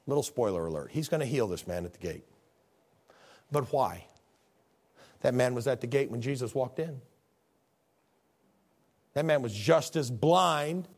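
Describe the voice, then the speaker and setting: A man preaching a sermon, animated, acting out scripture scenes with voices. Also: medium pitch, husky.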